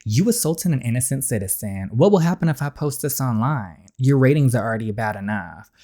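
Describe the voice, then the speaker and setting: Smug teen girl in a story game, taunting, mellow dark tone, read by a player. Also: medium pitch, expressive, fairly quick, natural voice. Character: bold teenage girl blackmailing an adult. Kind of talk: reading a story game aloud.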